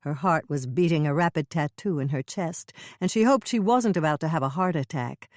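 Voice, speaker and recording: A woman narrating a mystery audiobook with expressive storytelling. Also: sits low, normal speed, dry recording, studio quality. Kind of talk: scripted narration.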